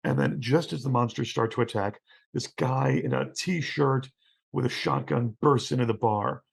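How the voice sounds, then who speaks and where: A man speaking casually as a podcast guest, with a very gravelly, husky voice. He tells stories with animation and acts out the lines he quotes. His pitch sits in a middle range. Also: normal speed. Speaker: guest, theatre professor. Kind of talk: casual conversation.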